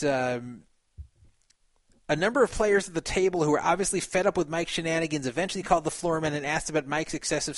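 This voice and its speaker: A man's voice: fairly high pitch, no room sound. A man on a podcast who reads a written account aloud and comments on it in casual chat, with fillers and a few laughs.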